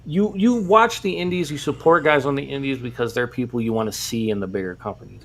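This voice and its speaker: Easygoing man in mid-pitch podcast chat. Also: creaky. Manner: relaxed, halting, filler-heavy. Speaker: podcast co-host.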